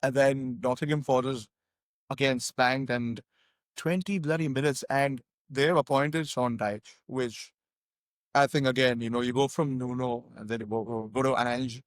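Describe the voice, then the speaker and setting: A man co-hosting a casual football podcast, talking in an excitable, chatty way with lots of fillers. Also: medium pitch, unhurried, dry recording. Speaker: podcast co-host.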